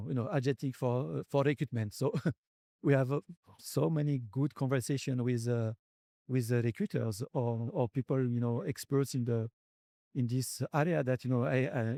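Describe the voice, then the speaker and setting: A man with a French accent, a company founder answering interview questions at a conference in a halting way, pausing often to search for words in English. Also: mid-range voice, mellow, dry recording, clean studio sound. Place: conference venue.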